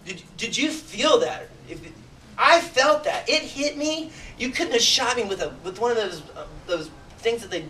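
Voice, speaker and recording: A man in his forties, a chiropractor giving an emotional, animated motivational talk to a seminar audience, asking them direct questions. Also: very high-pitched, moderate pace, a little hiss or hum. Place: seminar room. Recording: roomy sound from a distant mic.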